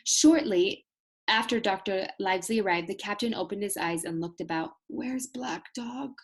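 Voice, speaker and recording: Woman, teacher, read-aloud lesson, explains words, husky voice. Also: medium pitch, moderate pace. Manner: explains hard words as she reads. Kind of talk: reading aloud with explanations for students.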